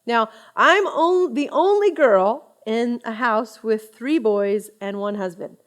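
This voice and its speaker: A woman in her thirties giving a conversational Bible study talk, chatty and expressive, often laughing as she teaches. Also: fairly high pitch, takes it slowly.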